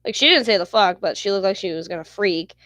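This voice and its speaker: Woman vlogger, heated storyteller, swears freely, mid pitch, dry sound. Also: lively intonation, fast talker, fairly bright tone, no room sound. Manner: rambling, profane, heated retelling. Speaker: channel host. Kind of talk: casual storytelling vlog.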